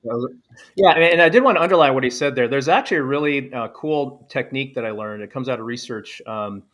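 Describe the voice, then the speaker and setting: A man who gives keynotes and coaches leaders, chatting casually in a live panel and acting out quoted self-talk with lively energy. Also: mid-range voice, fast.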